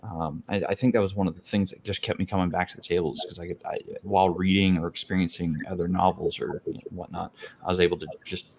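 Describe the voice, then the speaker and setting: Deep-voiced man, halting talk. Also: flat delivery, a little mellow, a little hiss or hum. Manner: halting, many fillers and restarts. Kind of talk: casual podcast chat.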